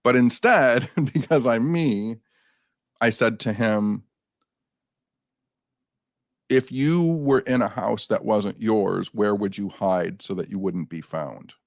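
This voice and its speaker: Gravelly low-voiced man telling stories. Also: takes it slowly, pauses often, no room sound, studio quality. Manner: animated anecdote teller, acts out quotes. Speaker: guest paranormal investigator. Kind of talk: casual storytelling chat.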